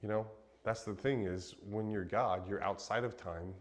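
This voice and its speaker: A man from Western Kansas giving a relaxed, chatty Bible teaching, laughing easily and filling pauses with ums. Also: fairly low pitch, a little hiss or hum. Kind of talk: casual Bible teaching chat.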